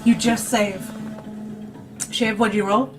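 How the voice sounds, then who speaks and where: Slow-talking, jokey woman game master. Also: a little high, steady tone. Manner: chatty, jokey and self-mocking. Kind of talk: running a streamed tabletop game. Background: faint dramatic music.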